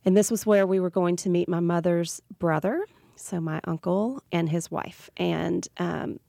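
A woman's voice: on the low side, vocal fry, darkish tone, no room sound, studio quality. A woman with a Southern US accent, a radio interview guest telling a personal story earnestly and reflectively. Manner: earnest, reflective, with small restarts.

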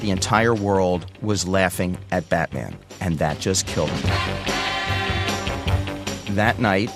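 Man, low voice, animated storyteller, guitar music behind. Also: slow. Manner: animated, acts out quoted voices. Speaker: storyteller recounting his career. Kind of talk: spoken personal storytelling.

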